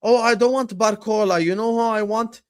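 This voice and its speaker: Man imitating a whiny fan, shrill high voice, nagging, mocking. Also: fairly even intonation, normal speed, clear, resonant tone, natural voice. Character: whiny demanding male football fan.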